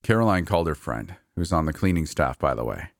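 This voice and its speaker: A laid-back young man speaks casually, with a joking, reassuring manner, as voiced by a male storyteller. His voice is very low and recorded dry and close. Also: very animated, a little fast, dry recording, heavily acted.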